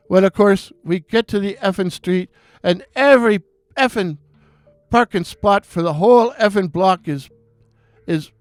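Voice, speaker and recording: A man voicing a foul-mouthed young Irish bartender in an Irish accent, ranting and swearing without pause. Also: high voice, a little mellow, dry recording. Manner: ranting, swearing constantly in minced words.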